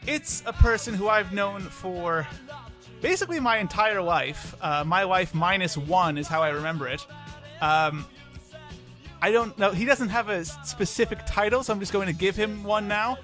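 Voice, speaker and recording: Podcast host, man in his 20s: bright tone, playful self-mocking banter, faint music bed. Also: sits high, moderate pace. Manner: joking and self-deprecating, animated. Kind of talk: casual podcast chat.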